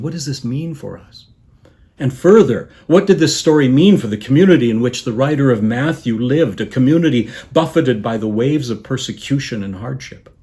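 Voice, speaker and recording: Man, bishop, sermon, measured and reflective, soft trailing phrases, mid-pitched voice. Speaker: bishop preaching.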